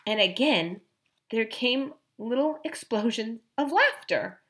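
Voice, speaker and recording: A woman narrating a children's fantasy audiobook, expressive and voicing each character. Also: on the high side, slow. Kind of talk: storybook narration.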